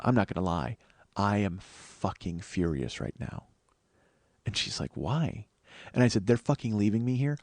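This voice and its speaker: A man's voice: medium pitch, darkish tone, dry recording. Man, podcast host, swearing storyteller, dry close mic. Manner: profane, self-deprecating, emphatic storytelling. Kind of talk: storytelling monologue.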